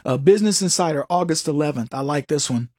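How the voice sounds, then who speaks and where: A man's voice: a little high, fast talker, a little mellow, breathy edge, no echo, studio quality. A man hosting a solo political commentary show, talking in a mocking, jokey way. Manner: mocking, jokey, acts out voices with laughs.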